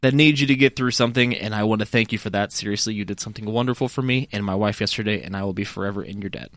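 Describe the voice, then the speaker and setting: A man's voice: lowish voice, very fast, a bit bright, dry recording. A man co-hosting a podcast, reading a listener's email aloud, laughing often and swearing casually. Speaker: podcast co-host.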